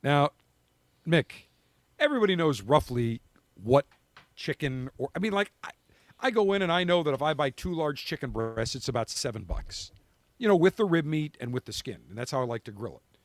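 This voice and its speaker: A man's voice: fairly high pitch, big pitch swings, dry recording. Blunt teasing male podcast host. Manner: blunt, teasing, drawn-out mock-military style. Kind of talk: casual banter.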